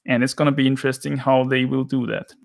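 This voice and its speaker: An Austrian man hosting a casual livestream from his home flat. He talks emphatically and tends to rant, often ending lines with a questioning "yeah?". His voice sits at an ordinary middle pitch for a man. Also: fast talker, vocal fry. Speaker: livestream host.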